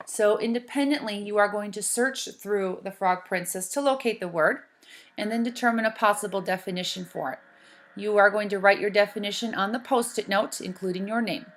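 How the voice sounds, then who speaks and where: A woman teacher in a recorded lesson, giving slow, deliberate instructions and spelling out sounds. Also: mid-range voice, a bit bright.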